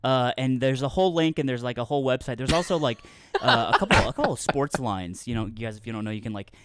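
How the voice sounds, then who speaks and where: A man co-hosts a comedic podcast, spinning a rambling mock-news story and laughing through his own lines in casual chat. His mid-range voice is expressive, quick, a bit bright and smooth. The close-mic recording is dry.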